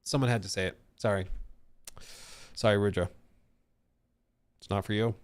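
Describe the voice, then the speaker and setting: A young man hosting a live stream, chatting casually and joking with his chat in an animated way. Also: fairly low pitch, normal speed, clean tone, no room sound. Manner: animated, jokey, reacting to chat. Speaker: streamer host.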